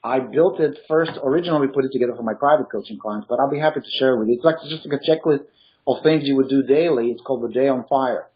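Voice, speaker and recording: Speaking fast at a medium pitch, a real estate coach who is not a native English speaker, with a light Eastern European accent, stays emphatic and motivational through a casual interview and laughs easily. The recording's highs are cut off.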